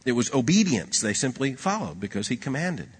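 A man preaches a sermon in a husky voice, middle-pitched. He pushes some lines out loud and emphatic, then drops others to a hushed, low aside. The sound carries a long reverb, as in a large hall. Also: very animated, brisk.

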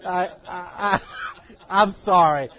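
A man giving an informal, animated and self-deprecating lecture to a live class of ministry students, in a folksy manner. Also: high-pitched, slow pace, highs cut off. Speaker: ministry trainer.

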